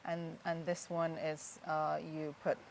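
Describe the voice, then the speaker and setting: Woman, podcast co-host teaching, supportive and affirming, deep voice, gravelly fry. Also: monotone, slow pace, darkish tone, slight background noise. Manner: supportive, frequent affirming interjections. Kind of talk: instructional podcast chat.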